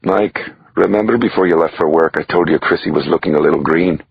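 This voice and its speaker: A man's voice: a bass voice, fairly quick, creaky, dull audio, slight background noise. A man voicing a stubborn, loyal young Irish nanny with a lilting brogue and an indignant, teasing way of talking. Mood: weary.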